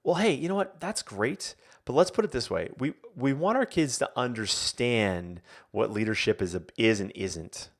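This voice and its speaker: A man's voice: medium pitch, moderate pace, few pauses. A man hosting a live online Q&A as a coach, talking casually with many fillers and restarts. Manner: rambling, many fillers and restarts, animated quotes. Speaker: coach and host.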